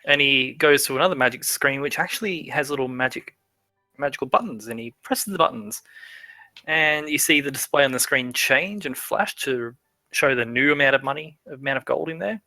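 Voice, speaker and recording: A young man narrating a tabletop game as game master, stammering and restarting, pitching up for the characters he voices. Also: animated, moderate pace, pushed and bright, dry recording.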